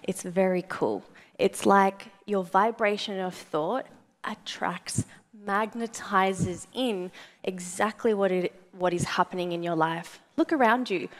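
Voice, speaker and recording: A young adult woman gives a motivational talk to a live audience, telling her story in an animated way. She acts out her own remembered words and turns to the audience with questions. Her voice sits at a moderate pitch. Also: a little slow. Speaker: motivational speaker.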